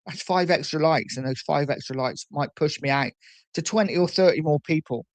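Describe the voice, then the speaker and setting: A man's voice: fairly high pitch, normal speed, no room sound. Chatty man on a livestream. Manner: relaxed and chatty, lots of fillers and repeats. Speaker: livestream host. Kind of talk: casual live-stream chat reading comments.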